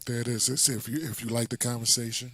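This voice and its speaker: A man's voice: medium pitch, little pitch movement, quick pace, a bit bright. A man hosting an interview show, chatting casually and easygoing, often repeating himself. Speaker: host.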